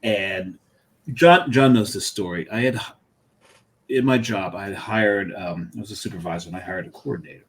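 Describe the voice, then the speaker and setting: A man co-hosting a casual beer podcast, telling a story in an animated way. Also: fairly low pitch, normal speed. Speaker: podcast co-host.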